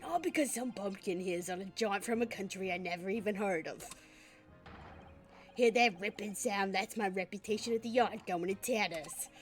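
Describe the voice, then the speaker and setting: A woman voicing a gruff, impatient middle-aged English police inspector, reading game dialogue aloud on stream with a put-on English gent accent. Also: mid-range voice, normal speed, faint music behind, close to an everyday voice. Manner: blustering, clipped and indignant.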